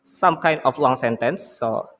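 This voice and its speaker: Young indonesian guy explaining in class, slow, keeps restarting his sentences. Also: medium pitch, fairly bright tone, long reverb tail. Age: young adult. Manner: hesitant, often repeats himself. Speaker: student presenter. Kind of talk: classroom presentation.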